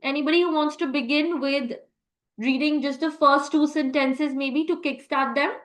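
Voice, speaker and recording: A woman's voice: high voice, fairly even intonation, moderate pace, roomy sound, low-quality recording. A woman teaching a live online French class, encouraging students and praising them often. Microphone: video call.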